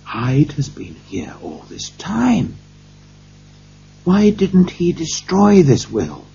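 A man's voice: fairly high pitch, huge pitch swings, slow pace, vocal fry, warm tone, husky, pitched above the performer's own voice, exaggerated voice. A man reading aloud and voicing a worried middle-aged Victorian lawyer who talks in anxious, questioning tones. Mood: puzzled. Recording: dull lo-fi recording.

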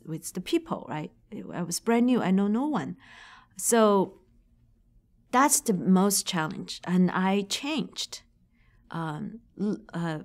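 A woman from China with a Chinese accent, speaking English as a second language and giving thoughtful, halting interview answers about her career as a marketing manager. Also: on the low side. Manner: thoughtful, halting, searching for words.

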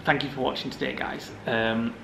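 A man in a casual vlog, guessing aloud with a wry edge. His pitch is middling. The room is echoey, with a faint hiss underneath. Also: fairly even intonation, moderate pace, gravelly, bright, forceful tone. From West Yorkshire. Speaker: vlog co-host. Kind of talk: casual chat.

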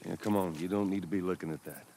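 An actor playing a weary, gruff middle-aged smuggler who speaks in short, dry lines. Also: male voice, deep voice, steady tone, fast talker, warm tone. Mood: terse. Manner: terse, dry, laconic.

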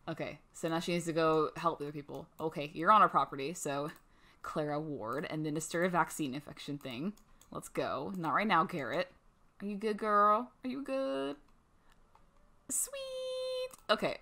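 Brief: young adult woman, gaming host, playful chatty commentary, slightly low pitch. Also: fairly quick, pushed and bright. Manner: chatty, playful, voices her characters' thoughts. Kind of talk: casual let's-play commentary.

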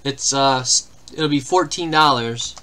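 A man's voice: medium pitch, measured pace, bright, forceful tone, a little hiss or hum. A man hosting a live card-break stream, chatting casually in rambling anecdotes and reading out lists of names and teams. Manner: rambling anecdotes, then listing name-team pairs.

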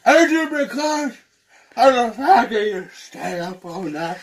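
A man's voice: high voice, animated, takes it slowly, pauses often. A man doing a goofy comedy skit, talking in an exaggerated, silly, whiny voice. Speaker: vlogger.

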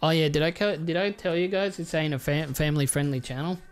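A man giving casual, crude commentary while opening trading card packs, excitable and swearing often. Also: on the high side, quick pace, smooth. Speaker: YouTuber.

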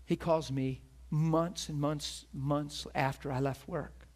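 A man's voice: a little high, steady tone, slow. A middle-aged man preaching a sermon as a pastor, telling a personal story earnestly and acting out the voices of the people in it.

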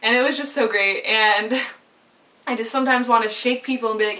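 A young woman talking openly to her viewers in a casual, rambling way, full of "like" and quick laughs. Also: on the high side, steady tone, bright, forceful tone. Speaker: vlogger. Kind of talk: personal vlog monologue. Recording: voice a little far from the mic.

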